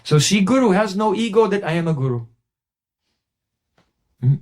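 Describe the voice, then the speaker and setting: Mellow-voiced man telling a devotional story. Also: normal speed. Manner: relaxed storyteller, quotes others in a lowered voice. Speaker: spiritual teacher.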